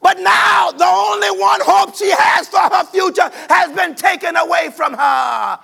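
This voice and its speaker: A man preaching a sermon, shouting in a sing-song cadence. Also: very high voice, unhurried, gravelly, some chatter behind. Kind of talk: whooping sermon.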